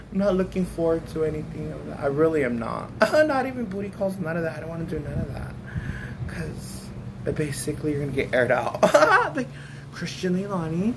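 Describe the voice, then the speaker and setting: A woman's voice: lowish voice, creaky. A woman vlogger in casual storytime chat, giggly and chatty, often breaking into laughter. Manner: chatty, keeps calling the viewer "girl". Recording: noisy background hiss.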